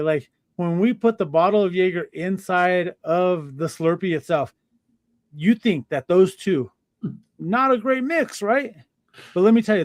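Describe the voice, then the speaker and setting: A man hosts a sports talk show in a loose, energetic way. He fills his sentences with "uh" and "like" and laughs easily. His voice sits on the higher side and sounds dry and close. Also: no room sound. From Denver. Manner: animated, laughing, filler-heavy talker. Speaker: podcast host. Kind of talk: casual chat.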